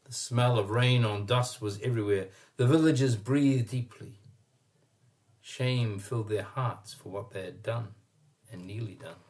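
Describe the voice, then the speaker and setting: A man reading a children's picture book aloud, expressive and pausing to point out the pictures. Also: on the low side. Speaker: storyteller.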